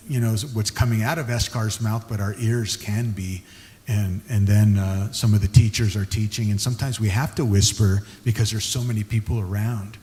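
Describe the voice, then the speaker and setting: A male host talks in a chatty, easygoing manner with a low, warm, mellow tone. The sound has a long, echoey hall reverb around it. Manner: chatty, says he can get loud. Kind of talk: casual interview conversation.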